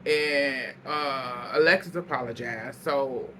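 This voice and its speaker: A man's voice: mid-range voice, slow pace, a little hiss or hum. A man casually recapping a reality show episode, telling it as gossip with lots of laughter and salty language. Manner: animated storytelling, laughs a lot, salty language.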